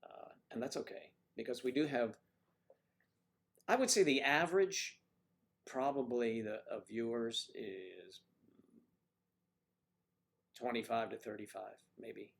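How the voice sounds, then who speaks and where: A livestream host from the Mid-Atlantic United States, with no marked accent, talks slowly at a medium pitch with vocal fry and frequent pauses. He rambles in a folksy, casual way and answers viewer comments.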